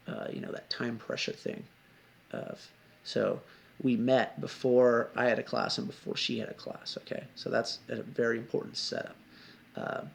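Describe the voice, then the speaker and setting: Gravelly man telling a rambling story. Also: medium pitch, slight background noise. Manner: rambling, heavy swearing, frequent asides. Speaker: vlogger. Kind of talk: confessional storytelling vlog.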